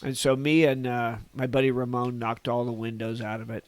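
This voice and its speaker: A man's voice: mid-range voice, level tone, a little fast. A man in his sixties from Northern California, a podcast guest telling old stories in a rambling, folksy way and chuckling at his own tales. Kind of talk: casual reminiscing storytelling.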